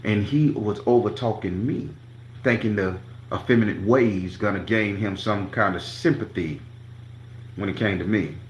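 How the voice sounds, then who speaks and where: A man's voice: fairly low pitch, normal speed, reverberant, a little hiss or hum. A man telling a profane story to his channel, acting out each quote with emphasis. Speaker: tarot reader and channel host.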